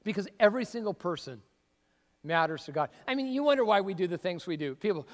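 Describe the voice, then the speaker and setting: A man preaching a sermon as a pastor, conversational and emphatic, with sudden bursts of excitement. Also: high-pitched, brisk. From Seattle area. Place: church sanctuary. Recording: long reverb of a church hall.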